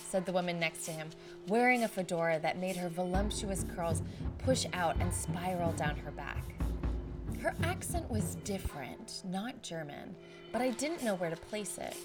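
A woman's voice: lowish voice, expressive, moderate pace, music in the background. A woman podcast host narrating a travel story in a reflective, vivid scripted style.

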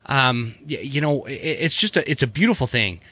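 A middle-aged man hosting a podcast, telling a joke in an animated, stammering way. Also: mid-range voice, normal speed, breathy edge, dry recording. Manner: animated joke-teller, stammers and repeats words. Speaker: podcast host. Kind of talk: casual chat, storytelling. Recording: dull, muffled podcast audio.

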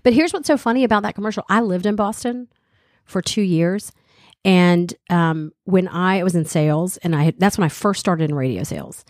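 A woman's voice: fairly low pitch, moderate pace, darkish tone, no echo, clean studio sound. A middle-aged woman with a Southern US accent, co-hosting a radio show in casual, chatty talk full of fillers and restarts. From American South. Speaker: radio co-host. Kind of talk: casual chat.

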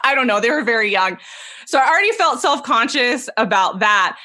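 A woman in her thirties, a podcast guest telling a personal story in an animated way and laughing as she talks. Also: fairly high pitch, fairly quick. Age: 30s. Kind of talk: casual interview storytelling.

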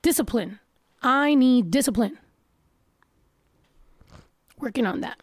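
A woman's voice: a little high, expressive, slow pace, breathy edge, dry recording. A casual woman with a stuffy nose, chatting bluntly and often profanely while reading viewer comments. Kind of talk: casual chat.

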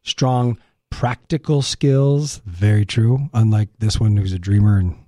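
A young man co-hosting a casual chat with his partner, animated and teasing. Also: lowish voice, a little slow, no echo, studio quality. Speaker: podcast co-host.

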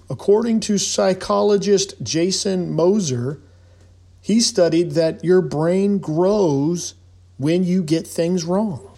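A middle-aged man delivers a motivational monologue, his voice sitting a little higher than most men's. He talks in a preachy, emphatic way, pushing up into loud insistence to hammer his points home. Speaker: podcast host.

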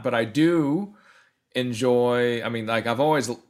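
A man's voice: mid-range voice, moderate pace. A middle-aged man from Northern California, a guest in a casual talk, friendly and full of hesitant restarts. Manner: warm, complimentary, hesitant restarts. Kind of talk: casual conversation.

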